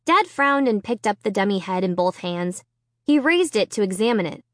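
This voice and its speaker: A woman narrating a chapter book aloud in expressive storytelling. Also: normal speed, no echo, studio quality. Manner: expressive storytelling with lively pitch. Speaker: audiobook reader. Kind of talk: scripted narration.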